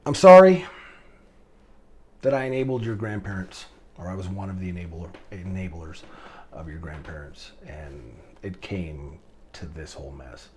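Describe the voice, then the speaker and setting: A man's voice: low voice, expressive, moderate pace, a little mellow. A middle-aged man giving rambling, emotional fatherly advice to his daughters in a heartfelt vlog monologue.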